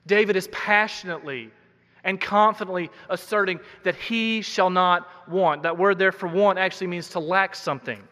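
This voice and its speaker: A man's voice: high-pitched, normal speed, sharp tone. A man preaching a sermon as pastor, earnest and emphatic, repeating key words for weight. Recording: long hall reverb.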